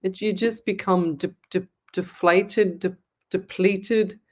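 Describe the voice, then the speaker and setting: A middle-aged Australian woman hosting a live psychic show, chatting and reading viewer comments aloud in a warm, chatty way. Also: medium pitch, fairly even intonation, slow pace. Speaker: psychic medium show host.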